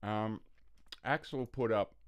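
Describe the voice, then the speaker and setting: A man's voice: lowish voice, takes it slowly, clear, resonant tone, no echo. A man hosting a livestream in casual rambling chat, swearing freely and laughing often. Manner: rambling, profane, laughs a lot. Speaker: livestream host.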